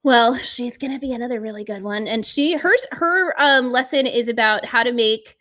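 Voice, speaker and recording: A woman telling stories in a casual podcast chat, animated and laughing often, as a guest on a video call. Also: on the high side, moderate pace, dry recording, studio quality. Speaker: conference organizer and guest.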